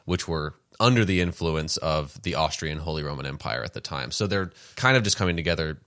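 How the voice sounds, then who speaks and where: A man co-hosting a podcast, talking casually and explaining historical background at length in a relaxed, thoughtful way. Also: very deep voice, a little fast, dry recording, studio quality. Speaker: podcast co-host. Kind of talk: casual chat.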